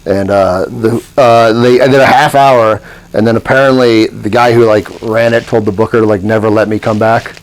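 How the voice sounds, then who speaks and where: A man's voice: on the low side, steady tone, moderate pace, rough recording. A man telling stories as a comedy podcast guest, laughing often and swearing freely. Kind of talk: casual podcast chat.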